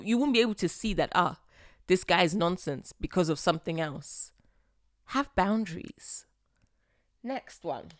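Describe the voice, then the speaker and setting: A young woman, hosting a podcast and giving blunt, animated relationship advice. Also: fairly low pitch, no room sound, studio quality. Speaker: podcast host. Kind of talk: advice monologue.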